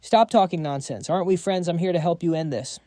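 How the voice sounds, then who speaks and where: A man's voice: fairly high pitch, fairly quick, dark tone, no room sound, clean studio sound, voice pushed up, close to an everyday voice. A man voicing a cocky young healer. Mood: reassuring. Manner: cool, self-assured.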